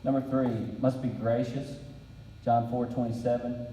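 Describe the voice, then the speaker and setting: Middle-aged man, folksy storyteller with dry humor, mellow voice, picked up from a distance in a long-echo hall. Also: medium pitch, flat delivery, unhurried, slight background noise. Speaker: breakfast speaker. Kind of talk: faith-based leadership talk. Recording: roomy hall, distant mic.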